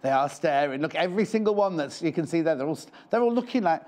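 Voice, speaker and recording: A man's voice: on the high side, lively intonation, fast talker, darkish tone. A man presenting live on a shopping channel, chatting and joking in rambling asides. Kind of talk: live TV sales chat. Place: TV studio.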